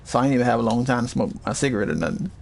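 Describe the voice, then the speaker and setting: Gravelly, lively man telling a story. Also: rapid-fire. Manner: animated, swearing, acts out voices with high yells. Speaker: streamer telling a story to chat. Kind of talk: casual storytelling.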